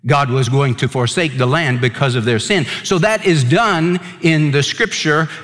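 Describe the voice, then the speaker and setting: A man pastor delivering a sermon in an earnest preaching manner, slowing and dropping low to stress key words. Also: a bit bright, big-room sound.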